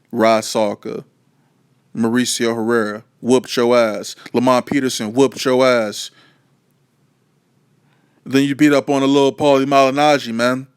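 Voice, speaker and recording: A man's voice: fairly high pitch, no echo. Heated profane man ranting close to mic. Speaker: boxing commentator.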